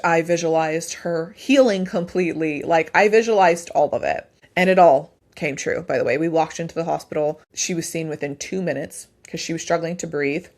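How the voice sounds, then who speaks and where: A woman's voice: deep voice, darkish tone. A woman in her forties, host of her own show, telling a candid, emotional personal story and saying "like" a lot. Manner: emotional, candid, heavy use of "like".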